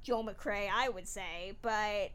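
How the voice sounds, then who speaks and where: A woman co-hosting a podcast, chatting casually about an old film, animated and emphatic, sometimes laughing as she talks. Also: mid-range voice, takes it slowly, smooth. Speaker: podcast co-host.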